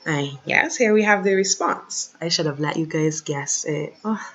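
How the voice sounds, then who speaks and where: A woman teaching a French lesson online, carefully pronouncing each phrase slowly for her students. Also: low voice, fairly bright tone, rough recording.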